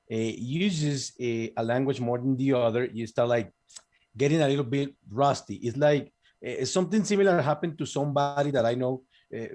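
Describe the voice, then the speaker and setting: Halting man. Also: mid-range voice, a little mellow. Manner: hesitant, many restarts and fillers. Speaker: radio host. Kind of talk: casual radio chat.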